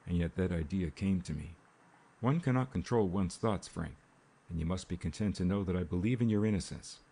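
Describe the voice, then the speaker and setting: A man voices a calm young woman speaking evenly and without emotion. The voice stays deep, dark, and gravelly in the style of an audiobook. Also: brisk, heavily acted. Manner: calm, even.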